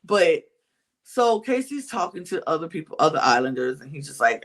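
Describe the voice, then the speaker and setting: A podcast co-host recapping with animated storytelling and acted-out quotes. The pitch swings widely from line to line while sitting in a middle register. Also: normal speed. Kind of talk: casual chat recapping reality TV.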